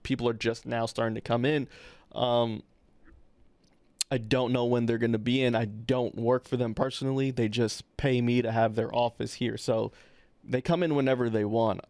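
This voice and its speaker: A man's voice: medium pitch, fairly even intonation, normal speed, darkish tone, no echo. Male podcast co-host with a mid-range voice, telling a casual anecdote and acting out its people. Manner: acts out the people in his stories.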